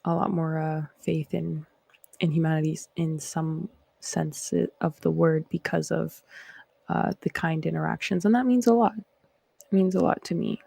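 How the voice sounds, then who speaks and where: Gravelly-voiced Canadian woman, chatty and rambling. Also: deep voice, steady tone, unhurried, mellow, dry recording. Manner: rambling, reflective, chatty with viewers. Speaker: live-stream host. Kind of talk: casual live-stream chat and Bible reading.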